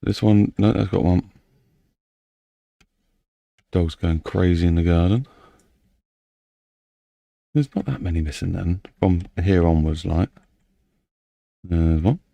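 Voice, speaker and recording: Man, mellow dark tone, breathless, muttering thoughts aloud. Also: sits low, takes it slowly, gravelly, pauses often, dry recording. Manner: muttering and thinking aloud to himself. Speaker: game map modder. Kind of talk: casual commentary while building a game map.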